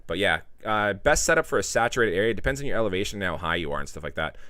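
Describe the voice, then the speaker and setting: Man, stream host, low voice, loose chatty delivery, dry close mic. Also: very animated, rapid-fire, pushed and bright, no room sound. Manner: loose and chatty, reads out viewer chat. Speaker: livestream host. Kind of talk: casual livestream chat.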